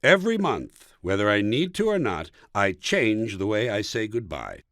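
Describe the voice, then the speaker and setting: A man from the United States reads his own comic book in a studio. His delivery is sardonic and mocking, and he jabs home each punchline. His pitch swings widely from line to line, and the recording is close and dry. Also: big pitch swings, moderate pace, fairly bright tone, no echo. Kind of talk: comic audiobook reading.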